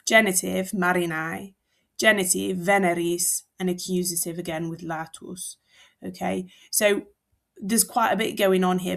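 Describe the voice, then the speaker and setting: Young woman teacher, casual classroom explainer, slight fry in the voice. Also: fairly low pitch. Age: young adult. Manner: chatty and informal, with fillers and asides.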